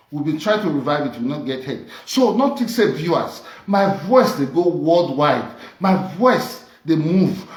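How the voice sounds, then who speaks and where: A woman's voice: a bass voice, a little mellow, reverberant. A Nigerian woman vlogger speaking Nigerian Pidgin English in a combative, mocking rant full of repeated taunts. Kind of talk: ranting monologue.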